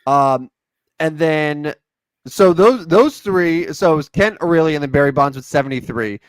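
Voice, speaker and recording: A man co-hosts a sports podcast in a rambling, joking way. His pitch swings widely as he talks. The sound is close and dry, with no room echo. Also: moderate pace, smooth. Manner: rambling, jokey, animated sign-off. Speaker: podcast co-host. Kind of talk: casual sports podcast chat.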